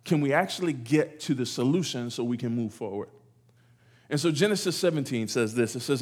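A man at mid pitch preaching to a congregation in a church. He talks in an animated way, repeating phrases for emphasis and slipping into acted-out voices. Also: brisk, slightly rough. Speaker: pastor. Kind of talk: sermon.

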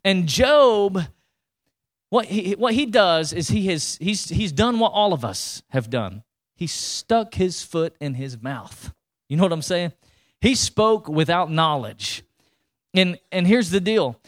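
Pastor, male, fairly high voice, casual lively sermon delivery that keeps checking in with the congregation. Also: a little slow. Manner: animated, colloquial preaching with rhetorical questions.

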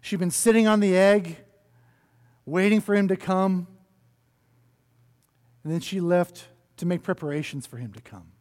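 A male pastor preaching a sermon, telling a children's story in an animated way, with chatty asides to his congregation. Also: sits high, unhurried, pauses often. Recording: long hall reverb.

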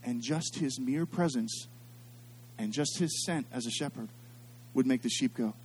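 A middle-aged man preaching a sermon as a pastor, telling stories and swinging between quiet, hushed passages and loud, excited ones. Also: mid-range voice, measured pace, slight background noise.

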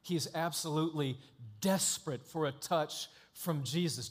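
A male pastor preaching a sermon in an emphatic, dramatic way, swinging between hushed and loud. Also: a little high, normal speed.

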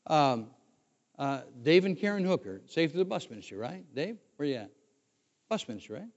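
A man's voice: on the high side, very animated, moderate pace. An older man preaching a sermon as a former pastor, conversational and often restarting his words. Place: church sanctuary. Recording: dull recording with long hall reverb.

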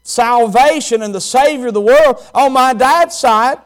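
A preacher doing boy Jesus, calm and wise. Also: very high-pitched, a little slow, pitched above the performer's own voice. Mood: playful. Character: twelve-year-old Jesus, calm, playful, wise.

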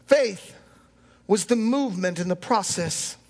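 A man's voice: high voice, unhurried, long reverb tail. A man in his thirties preaching a sermon with passion, acting out the people in his stories. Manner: impassioned preaching, acts out quoted voices. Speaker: pastor.

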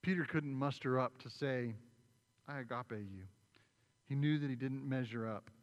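A man's voice: medium pitch, steady tone, normal speed, lo-fi sound. A man preaching a sermon as pastor, retelling a story vividly and acting out the voices. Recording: long reverb in a large hall.

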